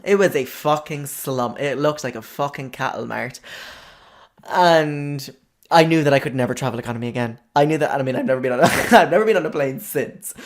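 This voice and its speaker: A man, a podcast host telling a comic story in an exaggerated, sweary, animated way. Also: mid-range voice.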